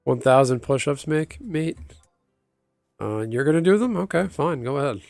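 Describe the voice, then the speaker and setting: A man's voice: on the high side, expressive, normal speed, gravelly, darkish tone, dry recording, clean studio sound, soft background music. A man chatting casually on a livestream, rambling and answering viewers' chat aloud. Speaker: live streamer.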